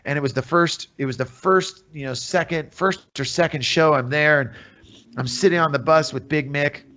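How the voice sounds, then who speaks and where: This man's voice is a little high and his speed is normal. He's a middle-aged musician-comedian from the USA, guesting on a podcast where he spins lively stories and performs the characters' lines himself.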